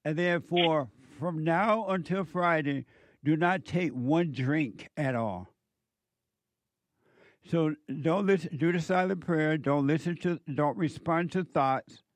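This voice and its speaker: Male host, call-in advice, direct instructions, fairly high voice, dry studio. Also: takes it slowly, no echo. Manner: direct, gives firm step-by-step instructions.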